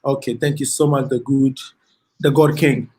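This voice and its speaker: A man with a Ghanaian accent hosting a casual live stream, reading viewer comments aloud and laughing often. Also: mid-range voice. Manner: slow, relaxed, laughs often, slips into Ghanaian Pidgin.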